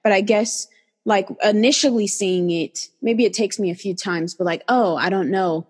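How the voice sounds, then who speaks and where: A woman co-hosting a podcast in casual chat, excitable and slangy. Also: mid-range voice, moderate pace, slightly rough. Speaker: podcast co-host.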